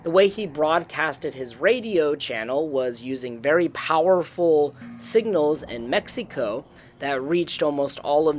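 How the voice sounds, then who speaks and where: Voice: medium pitch, slight background noise. Chatty game-tour narrator. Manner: informative, chatty commentary. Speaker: YouTube series host. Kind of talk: gameplay narration voice-over.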